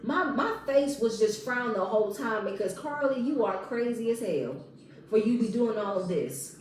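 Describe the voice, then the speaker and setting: A woman's voice: a little high, animated, normal speed, a little mellow, echoey room, rough recording. Exasperated woman recapping reality TV. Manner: blunt, exasperated, mocking impressions. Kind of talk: animated casual recap commentary.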